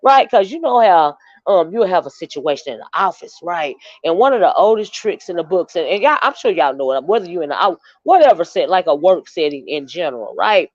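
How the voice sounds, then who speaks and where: A woman's voice: fairly low pitch, sing-song, brisk, darkish tone, no echo. A woman hosting a casual livestream, telling a long rambling story straight to her viewers. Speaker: livestream host. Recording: dull, dry lo-fi stream audio.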